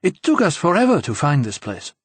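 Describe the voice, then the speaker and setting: Storybook: deadpan laconic young man, voiced by a man, a little higher than usual. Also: brisk, slightly rough, no room sound, full character voice. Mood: dry. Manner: dry and deadpan.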